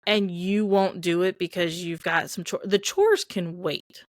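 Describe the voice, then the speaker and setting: A woman's voice: fairly low pitch, fairly even intonation, a little slow, dry recording, studio quality. A woman co-hosting a movie podcast, retelling film scenes in casual chat full of "like" and acted-out quotes. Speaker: podcast co-host.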